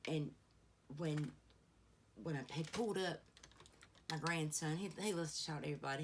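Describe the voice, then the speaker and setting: There's slight background noise as a middle-aged beauty vlogger with a low voice chats at normal speed during a casual get-ready-with-me video. Her storytelling rambles, dotted with asides.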